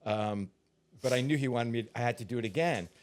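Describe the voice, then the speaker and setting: In an easygoing interview, a stuntman with a mid-range voice slowly shares stories, his speech peppered with fillers and false starts.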